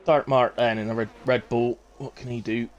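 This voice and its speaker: A man's voice: mid-range voice, normal speed, dull audio, a little hiss or hum. Chatty West Country man commentating a race. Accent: West Country English. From England. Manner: chatty, relaxed, with frequent fillers and self-corrections. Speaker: sim racing commentator and streamer. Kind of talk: live stream race commentary with chat reading.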